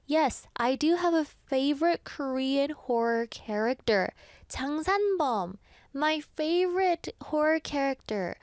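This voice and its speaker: A woman's voice: high voice, animated, normal speed, a little mellow, no room sound. A young woman hosting a radio show, chatting casually in a bubbly, giggly way and reading out listener messages on a studio microphone.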